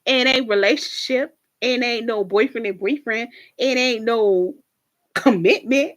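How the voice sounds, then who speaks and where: This young woman has a fairly high voice and an unhurried pace. In her casual reaction video she gives viewers a lively recap of a TV episode, full of frequent laughter and free swearing.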